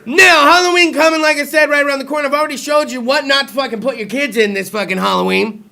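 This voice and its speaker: A man's voice: extremely high pitch, fast talker, vocal fry, bright, forceful tone. A young adult man hosting a talk show, running a crude, profane comedy monologue and teasing his co-host.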